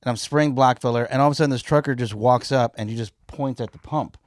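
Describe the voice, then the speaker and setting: A man with a Chicago accent telling a profane work story in a casual, animated way and acting out both sides. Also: mid-range voice, quick pace, dry recording, studio quality. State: high. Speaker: comedian guest.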